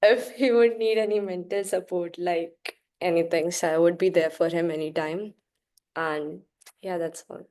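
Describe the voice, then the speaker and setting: A woman's voice: lowish voice, steady tone, measured pace, darkish tone. A young woman giving a practice speaking-test answer, hesitant and full of fillers, sometimes giggling. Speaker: student.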